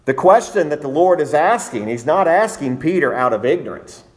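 Pastor guy preaching, reads scripture then explains, kinda high-pitched man voice. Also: expressive, moderate pace. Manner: reads scripture in King James wording, then preaches with rising emphasis. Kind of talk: sermon.

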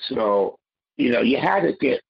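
A man's voice: mid-range voice, big pitch swings, unhurried, slightly rough, muffled recording. A man giving emphatic political commentary as a panelist, stressing and repeating key words.

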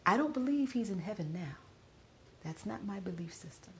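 A middle-aged woman podcaster offers a personal spoken reflection while grieving, often dropping into a soft whisper. Her mid-range voice is expressive and moderately paced, with a little hiss or hum in the background.

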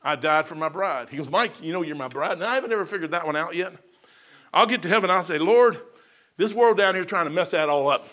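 High, bright-voiced preacher man. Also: brisk. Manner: swings between loud and soft delivery. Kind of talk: sermon.

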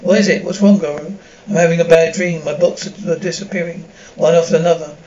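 A man's voice: on the high side, steady tone, quick pace, darkish tone, highs cut off. A man reading a dubbed drama aloud, speaking the sound cues between the lines.

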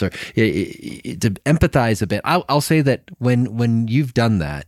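A man in his thirties co-hosting a faith podcast, talking in a warm, earnest way and laughing easily. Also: medium pitch, animated, moderate pace, few pauses, no echo, clean studio sound. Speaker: podcast co-host. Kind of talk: casual conversation about marriage and faith.

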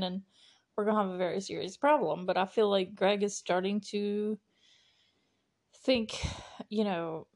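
A woman's voice: medium pitch, fairly even intonation, moderate pace, gravelly, darkish tone. Giggly, chatty woman recapping a show. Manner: chatty, giggly, full of "like" and "you know". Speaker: podcast host. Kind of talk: casual podcast recap.

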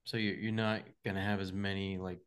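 A young man co-hosting a casual movie podcast, rambling with many fillers and getting animated when he jokes. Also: low voice, a little fast, smooth. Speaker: podcast co-host. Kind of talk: casual movie review chat.

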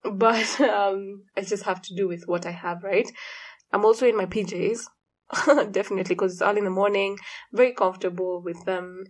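A young woman hosting her podcast in casual chat, a little hoarse and tired, laughing often, in an echoey room with a high ceiling. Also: normal speed. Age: young adult. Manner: relaxed, chatty, laughs often. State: hoarse morning voice. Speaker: podcast host. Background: noisy fridge.

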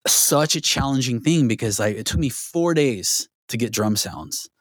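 A man tells a long story as a podcast guest, talking in an animated rush full of restarts and "like". His voice sits at an ordinary middle pitch, and the sound is dry and close, with no room echo. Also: moderate pace, breathy edge. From Southern California. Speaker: guest, record producer. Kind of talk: casual storytelling interview.

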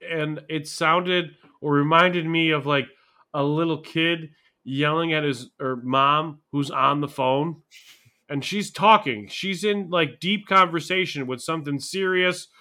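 Male podcast co-host with a very bright, sharp tone; relaxed delivery, explains with everyday examples. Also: on the high side, measured pace. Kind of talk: casual wrestling podcast chat.

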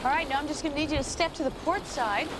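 A woman's voice: high-pitched, fast, very noisy, natural voice. An actress playing an impatient young woman teaching a friend to sail, scolding and exasperated. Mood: coaxing. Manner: exasperated, scolding, talks herself into panic. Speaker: sailing teacher. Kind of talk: sitcom acting.

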